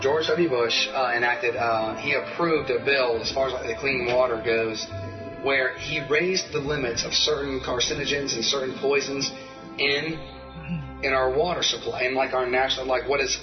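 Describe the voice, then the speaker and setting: A man co-hosting a talk show, ranting in a heated, profane comedic way that climbs into yelling. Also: mid-range voice, lo-fi sound. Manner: heated, swearing, builds to shouting.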